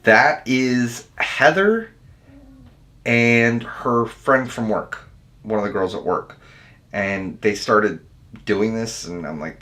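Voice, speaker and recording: A man's voice: on the low side, slow, bright, forceful tone. An American man hosting his channel, chatting loosely with viewers in a rambling, laid-back way, calling them dude and man. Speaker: video editor and channel host. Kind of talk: casual livestream chat with viewers.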